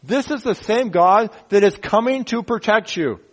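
Lively man teaching the Bible. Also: sits high, normal speed, rough recording. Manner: animated, asks rhetorical questions, uses sound effects; folksy asides and humor.

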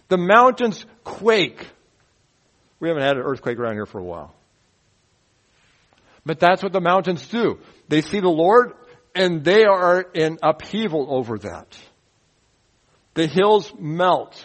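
Lively man teaching the Bible. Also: a little high, poor audio. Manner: animated, asks rhetorical questions, uses sound effects; folksy asides and humor.

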